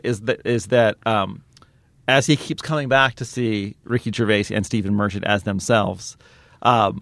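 A male podcast host retelling something in an animated way, full of restarts and fillers. His voice sits at an ordinary middle pitch. The sound is dry and close to the mic. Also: no echo. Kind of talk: casual chat.

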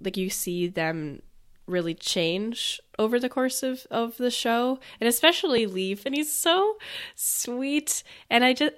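A woman's voice: a little high, expressive, measured pace. Woman, casual chat, earnest, enthusiastic. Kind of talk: casual chat about a musical.

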